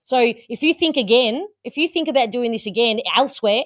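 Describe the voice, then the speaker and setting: A woman runs a live fan call-in stream with a slightly high, playful voice. She teases her guests and laughs easily. The sound is dry and close. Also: brisk, no echo. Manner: chatty, teasing, laughs often. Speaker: host of live fan show. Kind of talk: live-stream casual chat.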